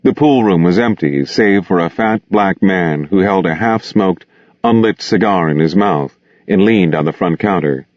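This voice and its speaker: A man narrating an audiobook in a measured, expressive reading. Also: low voice, dry recording. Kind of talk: scripted narration. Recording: dull lo-fi dry recording.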